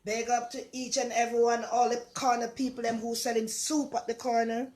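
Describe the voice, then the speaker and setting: Here the Jamaican cooking host sounds on the high side, brisk and level, with a darkish tone. She's an older woman chatting affectionately and a bit aimlessly in her echoey home kitchen for a casual vlog.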